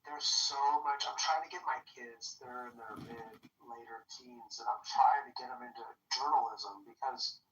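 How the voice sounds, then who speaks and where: A man's voice: medium pitch, normal speed, hardly any pauses, a bit bright. A middle-aged man in casual chat as a podcast guest, chatty and joking, often jumping in. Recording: roomy, distant, dull-sounding mic.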